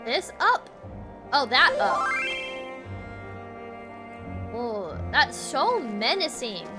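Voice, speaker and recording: Bubbly high-voiced woman streamer. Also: very animated, very slow. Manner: bubbly, chatty with viewers. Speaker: game streamer. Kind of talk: casual gameplay commentary. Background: game music.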